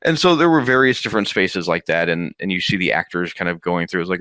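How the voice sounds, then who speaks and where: Here is a man with a low voice telling a story in a casual, lively way. His pitch rises and falls a lot as he brings his memories to life. The recording is dry and close. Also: fast talker, hardly any pauses, dry recording. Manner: lively, animated retelling with acted quotes. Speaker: interview guest.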